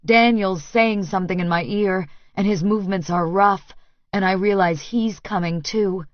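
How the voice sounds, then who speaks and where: A woman narrating a first-person romance audiobook in a breathy, intimate, unhurried way. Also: mid-range voice, dry recording, muffled recording.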